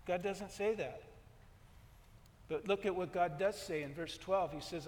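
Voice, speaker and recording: A man's voice: a little high, fairly even intonation, moderate pace. A male pastor preaching a sermon, emphatic, repeating his key lines and retelling scripture scenes. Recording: long reverb from a large hall.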